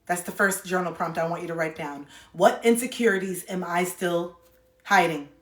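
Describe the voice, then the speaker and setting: A woman's voice: lowish voice, normal speed, reverberant. A woman hosting a livestream, talking bluntly and preachily with slang, recorded on a phone. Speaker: livestream host giving spiritual advice. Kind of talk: casual livestream talk.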